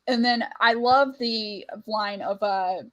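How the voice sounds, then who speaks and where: A woman's voice: a little high, slow pace, a bit bright, rough recording. A woman hosting a book club podcast in casual chat, laughing often as she quotes film lines. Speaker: parent.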